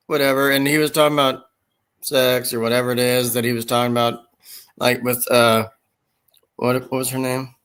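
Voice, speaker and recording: A man in his forties chatting casually as a stream host, telling anecdotes and slipping into quick impressions. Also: medium pitch, steady tone, fairly bright tone. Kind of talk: casual chat.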